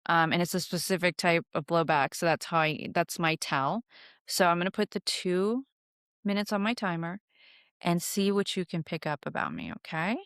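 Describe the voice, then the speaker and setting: A woman's voice: on the low side, moderate pace, fairly bright tone, clean tone, no echo, clean studio sound. A young woman hosting a witchcraft podcast, telling stories and teaching in a candid, casual way, swearing freely and using many fillers. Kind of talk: casual storytelling lesson.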